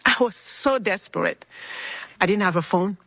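In a muffled, dry recording, a woman with a mid-range, slightly bright voice shares her personal faith testimony at a moderate pace. She's animated and earnest, acting out the people who appear in her story.

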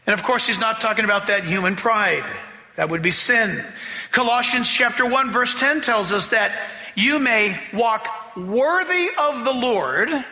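A man with a very high, bright voice preaches a sermon in a church sanctuary. He swings his pitch widely and drags out key words for emphasis. The sound rings with a long hall reverb. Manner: animated preaching, drawn-out emphasis. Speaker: pastor.

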